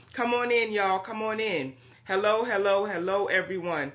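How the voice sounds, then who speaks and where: A woman's voice: mid-range voice, moderate pace, fairly bright tone. A woman hosting a live-stream meeting, chatty and welcoming, greeting viewers by name and saying "y'all.". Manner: uses Southern-style "y'all".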